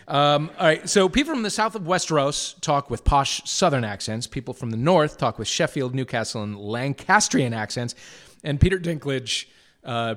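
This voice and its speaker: A man's voice: fairly high pitch, fairly bright tone. A man hosting a live comedy quiz podcast on stage, mocking and playful, with frequent swearing. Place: theatre stage before a live audience. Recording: live show with audience behind.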